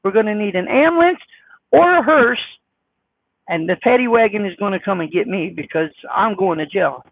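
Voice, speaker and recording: A man with a squeaky, very high voice and a gravelly edge talks blunt and folksy, answering his chat. The sound is thin and phone-like, with no room around it. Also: lively intonation, moderate pace, no echo. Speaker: trucker vlogger reading live chat. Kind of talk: casual live-stream chat.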